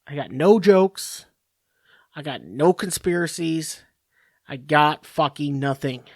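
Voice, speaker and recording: A man hosting a podcast, ranting alone in a profane, exasperated way with halting restarts. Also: a little high, a little mellow, no room sound, clean studio sound. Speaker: podcast host. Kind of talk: solo comedic rant.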